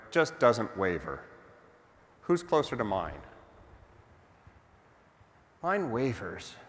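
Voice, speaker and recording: A man's voice: medium pitch, in a large hall. A man preaching a sermon as pastor, telling the story in a conversational way and putting questions to the congregation.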